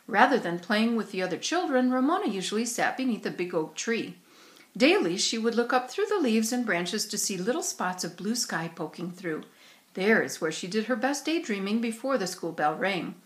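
A woman's voice: medium pitch, normal speed. Woman reading a children's story aloud. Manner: expressive storytelling. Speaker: narrator. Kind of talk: audiobook reading. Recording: roomy echo.

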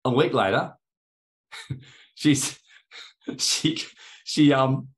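A man's voice: medium pitch, drawn-out words. A man giving a rambling, anecdotal talk on spiritual authority, in a sermon style. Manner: rambling, anecdotal, acts out quoted voices. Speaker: spiritual teacher.

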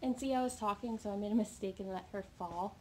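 A woman with a medium-pitched, mellow voice talks fast, upbeatly coaching as she explains a live training session to viewers while working with her puppy off camera. She's a dog trainer, picked up by an off-camera camera mic, and the recording carries noticeable background noise along with training clicks.

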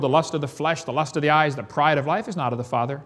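A man with a Southern US accent preaching a sermon in a folksy, joking way, swinging between loud and soft. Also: fairly high pitch, fast talker. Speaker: evangelist preacher.

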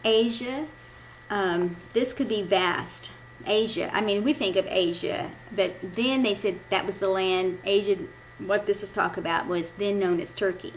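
A woman's voice: medium pitch, unhurried, slight background noise, low-quality recording. A woman from the American Midwest giving a casual church devotion, reading from her notes, often stumbling and correcting herself with a laugh. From Midwestern United States. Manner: rambling, self-correcting, laughs at her own slips. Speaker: devotional speaker.

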